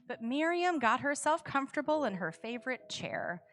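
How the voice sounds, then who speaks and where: A woman telling a story in a worship service, measured and calm, repeating refrains. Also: sits high, soft background music. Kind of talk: storytelling sermon.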